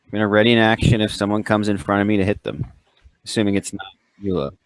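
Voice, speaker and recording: A man's voice: fairly low pitch, fairly even intonation, quick pace, no echo. A man in a tabletop game who explains the rules matter-of-factly to the others. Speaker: player. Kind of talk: casual tabletop game talk.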